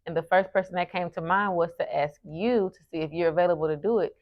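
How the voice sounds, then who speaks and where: A woman's voice: fairly low pitch, quick pace. Earnest woman vlogger, muffled audio. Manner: earnest, animated storytelling with frequent restarts. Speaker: lifestyle vlogger and event host. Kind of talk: casual talk to camera. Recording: muffled lo-fi sound.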